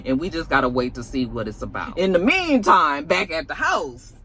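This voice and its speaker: A woman's voice: deep voice, normal speed, slight background noise. A woman recapping a TV episode in casual, sassy chat, acting out the characters. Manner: animated, sassy, acts out the characters. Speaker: TV show reviewer.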